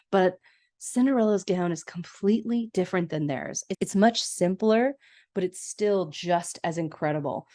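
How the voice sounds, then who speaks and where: A podcast host who walks through a film scene by scene, gushing and chatty, with lots of animated asides. Her voice sits at a middling pitch for a woman. The recording is close and dry, with no room sound. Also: dry recording. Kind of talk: enthusiastic movie recap.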